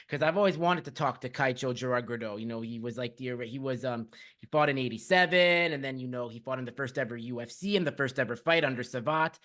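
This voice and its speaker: A man hosting a podcast interview, telling stories in an excited, rambling way full of restarts and fillers. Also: medium pitch. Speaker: podcast host. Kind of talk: casual conversational interview.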